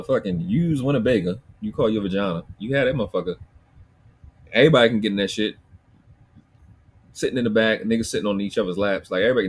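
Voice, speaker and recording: A livestream host with a Baltimore accent and a low, husky voice rants bluntly and profanely as he reads chat comments, staying animated throughout.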